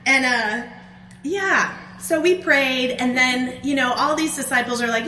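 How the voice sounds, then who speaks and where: A middle-aged woman telling a personal story as a conference speaker at a faith event, animated and acting out her own outbursts. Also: high-pitched, moderate pace. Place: conference hall. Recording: echoey room with faint ambience.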